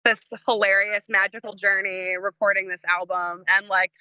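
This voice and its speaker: A woman's voice: mid-range voice, level tone, moderate pace, pushed and bright, clean tone, dry recording, lo-fi sound. A woman from Michigan, a musician as podcast guest, chatting casually and rambling with many fillers. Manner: rambling storytelling with lots of fillers and laughter; acts out quoted lines in a raised voice. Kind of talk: casual interview chat.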